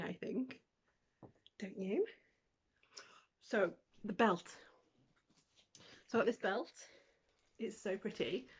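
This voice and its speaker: A British woman chats through a clothing try-on haul, exclaiming and making fun of herself as she goes. Her voice is a little husky and she speaks at an unhurried pace. The recording sounds slightly dull, as if picked up by the camera's own mic. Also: medium pitch. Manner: chatty, exclaiming, self-deprecating. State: out of breath. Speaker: vlogger.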